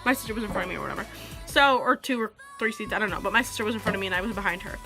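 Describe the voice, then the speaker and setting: A woman's voice: medium pitch, rapid-fire, creaky, sharp tone, soft background music. A teenage girl telling a story to camera in a rambling, chatty way, full of "like.". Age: teenager, about 16. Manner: chatty, rambling, heavy use of "like". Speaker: vlogger.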